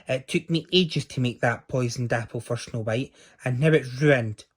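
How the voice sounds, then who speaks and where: A man voicing a wicked old queen disguised as a crone, screechy, loud and furious, in a storybook reading. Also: mid-range voice, moderate pace, husky, lightly acted.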